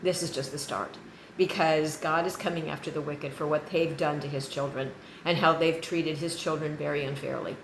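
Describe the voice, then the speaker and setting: Brief: woman vlogger, low-ish voice, earnest and encouraging, roomy echo, faint background hiss. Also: steady tone, normal speed. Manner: earnest, encouraging, repeats phrases. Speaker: channel host. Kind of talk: casual faith vlog to viewers.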